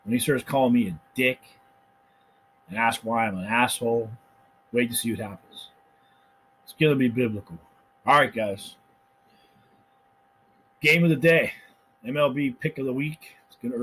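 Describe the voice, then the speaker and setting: A man hosting a sports betting picks channel, telling stories in a casual, profane, animated rant. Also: medium pitch, normal speed, pauses often, slight background noise, low-quality recording. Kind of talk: casual ranting monologue.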